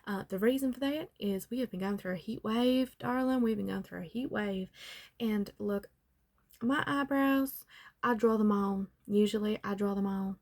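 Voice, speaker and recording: A woman's voice: mid-range voice, normal speed. A woman in a whispered role-play as a chatty salon makeup artist, putting on a Southern US accent and calling the listener honey and darling. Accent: put-on Southern US. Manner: drifts between whisper and soft voice. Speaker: ASMR artist as makeup and magic salon worker.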